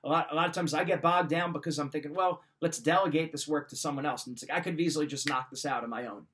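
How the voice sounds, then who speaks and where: A man's voice: a little high, fast talker, a bit bright. Man coaching in a direct, repetitive way. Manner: direct, coaching, repeats key points. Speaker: podcast host giving life advice. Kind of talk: motivational talk.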